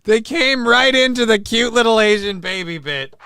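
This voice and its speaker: A man's voice: extremely high pitch, animated, moderate pace, pushed and bright, clear, resonant tone, no room sound, clean studio sound. A man hosting a casual live-stream show, reacting with exclamations and reading chat comments aloud.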